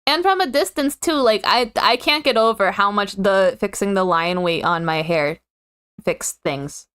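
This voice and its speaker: A woman's voice: mid-range voice, unhurried, fairly bright tone, clear, resonant tone. A woman chatting casually on a live stream, giggling often and rambling with lots of fillers and self-corrections.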